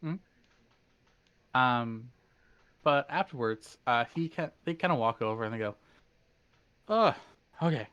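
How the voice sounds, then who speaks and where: A man narrating as game master of a tabletop game, relaxed, with frequent fillers. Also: mid-range voice, a little slow, long pauses, clean tone, lo-fi sound. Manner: relaxed, laughs easily, hesitant fillers.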